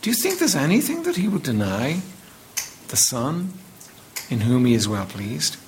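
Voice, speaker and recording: A man's voice: mid-range voice, wildly swooping pitch, moderate pace, a little hiss or hum. A man preaching a sermon as pastor, reading scripture aloud and emphatically repeating words as he builds his points.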